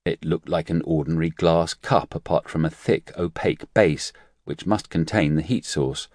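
Low-voiced man narrating an audiobook. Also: dry recording, clean studio sound. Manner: measured, even storytelling.

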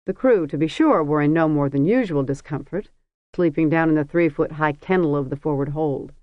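A measured audiobook narrator, dry sound. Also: medium pitch, no echo. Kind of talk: scripted narration. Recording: dry, dull lo-fi recording.

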